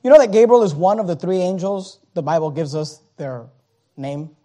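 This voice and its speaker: A male preacher giving a sermon, dramatic and swinging between loud declarations and hushed asides. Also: high voice, expressive, moderate pace.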